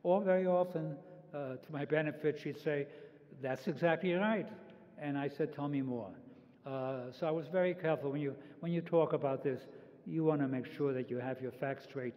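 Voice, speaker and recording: A man in his eighties giving a public talk as a Holocaust survivor, halting, with frequent restarts and repeated words. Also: fairly high pitch, fairly even intonation. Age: 80s. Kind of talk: public talk, personal testimony. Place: large event hall. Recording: echoey hall, slightly dull sound.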